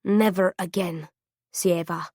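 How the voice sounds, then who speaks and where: Woman doing Death, a deep raspy knight. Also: takes it slowly, no room sound, studio quality, full character voice. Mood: calm, patient. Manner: calm, patient, chiding.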